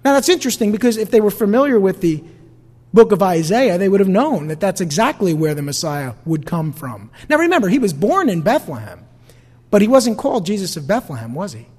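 Pastor, male, New York-New Jersey accent; chatty sermon full of rhetorical questions, animated delivery, long hall reverb. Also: sits high, brisk. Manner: conversational preaching with rhetorical questions to the congregation.

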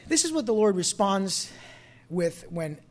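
High-voiced pastor preaching conversationally. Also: male voice, big pitch swings, a little slow. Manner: conversational, asks the congregation questions. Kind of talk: sermon.

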